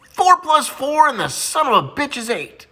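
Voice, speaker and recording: A man's voice: extremely high pitch, wildly swooping pitch, moderate pace, bright, forceful tone, voice pushed up, heavily acted. A man doing a cheeky, crude little schoolboy. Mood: cocky.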